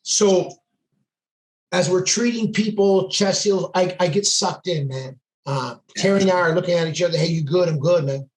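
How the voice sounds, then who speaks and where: A man's voice: high voice, normal speed. Intense storytelling man, echoey room. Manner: intense, quotes dialogue as he tells it. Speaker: podcast guest, police sergeant. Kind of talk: casual storytelling.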